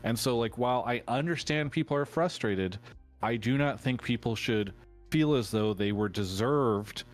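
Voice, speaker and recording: A man's voice: mid-range voice, normal speed, faint music behind. Candid man talking over a live stream. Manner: candid, conversational, frequent fillers. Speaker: guest commentator. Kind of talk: livestream discussion.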